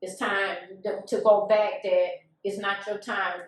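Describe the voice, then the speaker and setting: A woman's voice: medium pitch, flat delivery, measured pace, heavy reverb, distant mic, low-quality recording. A woman giving a candid, emotional testimony, acting out the voices of people she quotes. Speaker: guest.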